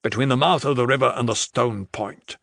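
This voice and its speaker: A man voicing a coldly detached, inhuman general who speaks flatly and without emotion. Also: medium pitch, creaky, no echo, studio quality. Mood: probing. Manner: flat, detached, unhurried.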